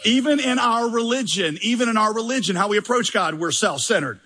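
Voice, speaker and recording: Bright husky-voiced preaching man. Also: sits high, animated, a little fast, in a large hall. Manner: conversational, humorous, emphatic, rhetorical questions. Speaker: pastor. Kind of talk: sermon.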